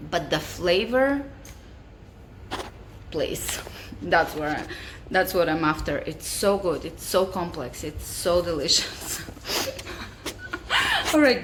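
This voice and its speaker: Woman home baker, low-pitched, eager and chatty, echoey kitchen with faint background noise. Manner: enthusiastic, chatty, tasting as she talks. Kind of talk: casual cooking vlog.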